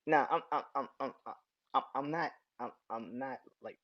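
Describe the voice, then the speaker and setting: A man's voice: mid-range voice, normal speed. A young man hosting a solo podcast, talking casually in a rambling way with frequent restarts and free swearing. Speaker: podcast host. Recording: dull lo-fi sound.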